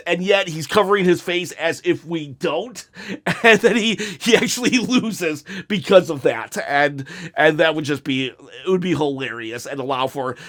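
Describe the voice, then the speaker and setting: A man talking casually and animatedly as a wrestling YouTuber, pitching match ideas with frequent restarts and laughs. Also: fairly bright tone. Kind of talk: casual fantasy-booking commentary.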